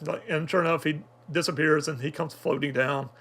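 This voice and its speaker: A man's voice: a little high, fairly even intonation, brisk, a bit bright. A man talking through an anime episode in casual review commentary, rambling with many fillers and restarts.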